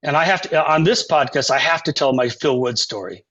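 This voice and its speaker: Older male musician guest, slightly high voice, animated storyteller with a dull lo-fi podcast sound. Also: brisk. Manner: animated storyteller, acts out quotes and sings phrases. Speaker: composer and saxophonist guest. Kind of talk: conversational interview storytelling.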